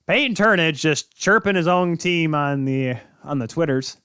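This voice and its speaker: A man's voice: fairly high pitch, a little fast, a bit bright, clear, resonant tone, no room sound, clean studio sound. A male podcast host talking casually about hockey, rambling and joking, correcting himself as he goes. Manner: rambling, self-correcting, jokey. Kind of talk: casual sports talk.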